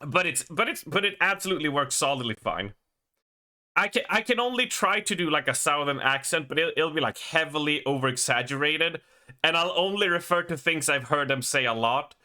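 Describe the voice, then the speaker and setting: A man's voice: fairly high pitch, expressive, fairly quick, bright, forceful tone. An Australian man chatting casually while streaming a game, rambling with lots of fillers and frequent laughter. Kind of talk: casual chat while gaming.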